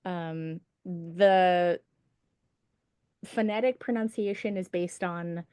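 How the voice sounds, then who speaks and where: A woman's voice: on the low side, a little mellow, no echo, clean studio sound. A woman teaching a traditional singing class over a video call, patient and encouraging as she explains pronunciation. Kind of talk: online singing lesson. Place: home setup on a video call.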